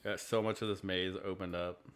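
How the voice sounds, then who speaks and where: A man's voice: deep voice, level tone, fairly quick, clean tone. A man playing a tabletop game over a video call, easygoing and self-mocking. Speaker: player. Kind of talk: casual tabletop game play.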